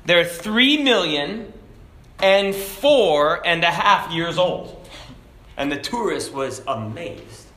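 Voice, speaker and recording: A man delivers a sermon at a slow, measured pace, his voice high and bright. He slips in self-deprecating humor along the way. The room around him is noticeably echoey. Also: very animated. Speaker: preacher.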